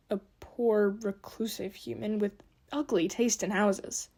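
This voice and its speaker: Mellow-voiced woman reading an audiobook. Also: mid-range voice. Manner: expressive, shifting into character voices. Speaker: audiobook narrator.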